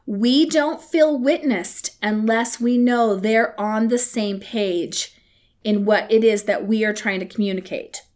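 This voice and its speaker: A woman's voice: a little high, measured pace, a little mellow. A woman hosting a podcast, teaching in a candid, conversational way with playful asides. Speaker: podcast host. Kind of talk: casual teaching talk.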